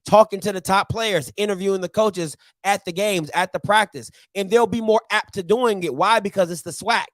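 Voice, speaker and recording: High-voiced ranting male host. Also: normal speed, few pauses, fairly bright tone, no room sound. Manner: ranting, repetitive, mocking put-on voices. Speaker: show host. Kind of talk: animated morning-show rant.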